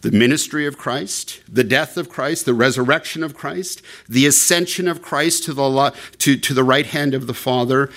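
A man's voice: medium pitch, moderate pace, hardly any pauses, a bit bright. A man preaching an expository sermon, explaining a scripture passage verse by verse with frequent fillers and restarts. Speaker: pastor.

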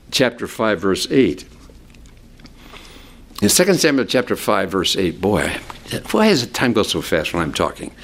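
A pastor with a lively pitch preaches an expository sermon, animated throughout. He talks conversationally, explaining scripture with asides and sweeping his pitch for emphasis.

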